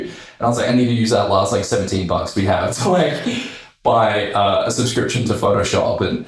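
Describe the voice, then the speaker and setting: A man, a podcast guest telling a story in a casual, animated way, acting out quoted voices and swearing freely. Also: on the low side, fast talker. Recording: roomy echo.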